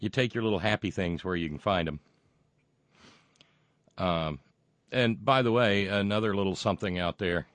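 A man hosting a podcast alone, rambling and halting through sardonic remarks. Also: sits low, fairly bright tone, dry recording. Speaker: podcast host. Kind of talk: casual solo podcast monologue.

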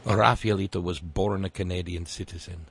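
A man's voice: low-pitched, fairly even intonation, normal speed, husky. A man hosting a satirical political rant. He is sarcastic and exasperated and stammers as he talks. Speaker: host.

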